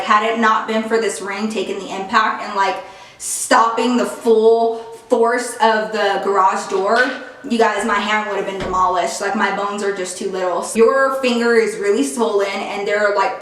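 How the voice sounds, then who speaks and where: A woman's voice: mid-range voice, fairly bright tone. A woman vlogger telling a storytime in casual slang, packed with "like" fillers. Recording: very echoey room, far from mic.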